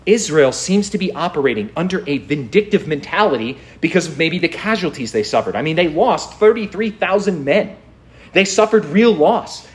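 A man pastor preaching a sermon, reading scripture aloud and pressing his point with incredulous rhetorical questions. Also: on the high side.

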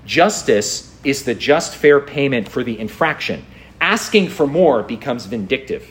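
A man's voice: medium pitch, animated, measured pace. A man pastor preaching a sermon, reading scripture aloud and pressing his point with incredulous rhetorical questions.

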